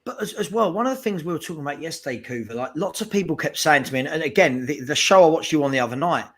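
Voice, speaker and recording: Animated male football chat co-host. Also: a little high, racing. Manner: animated, calls out trolls in chat. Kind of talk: casual fan chat.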